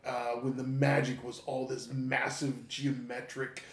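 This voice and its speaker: A man's voice: medium pitch, little pitch movement, a little slow, echoey room. A man chatting casually on a podcast, rambling with many fillers and chuckles. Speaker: podcast co-host. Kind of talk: casual chat.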